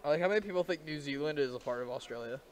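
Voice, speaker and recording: A man's voice: on the high side, a little hiss or hum. A man doing casual, joking live-stream commentary on a card game match. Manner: joking, rapid banter with laughs.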